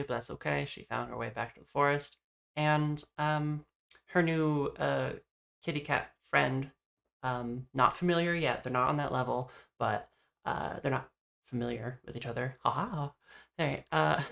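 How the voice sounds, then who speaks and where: Very low, creaky woman running a game. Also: fairly bright tone. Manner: halting, many fillers. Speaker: game master. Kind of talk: narrating a tabletop game.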